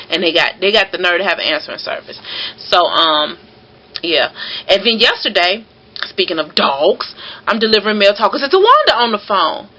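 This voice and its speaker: Woman vlogger, chatty storyteller, bright forward tone, casual delivery. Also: mid-range voice, sing-song, moderate pace, low-quality recording. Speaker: mail carrier vlogger.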